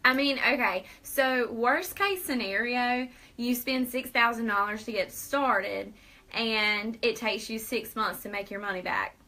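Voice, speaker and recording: A woman's voice: a little high, a little slow, sharp tone, rough recording. A young woman hosting a live video Q&A, upbeat and persuasive, laughing often. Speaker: host.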